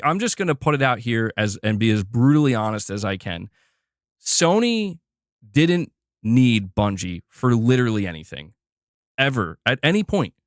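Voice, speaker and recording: A man speaking at a middle pitch, delivering a blunt, opinionated solo commentary. He is emphatic, swears freely, and circles back over his own points. The voice is recorded dry and close, with no room sound. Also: fairly bright tone, dry recording. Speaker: gaming news commentator.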